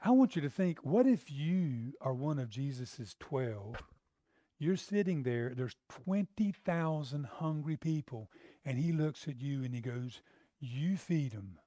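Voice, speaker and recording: A man's voice: mid-range voice, expressive, measured pace, dark tone, dry recording, clean studio sound. A man preaching a sermon in a conversational way, asking the congregation rhetorical questions.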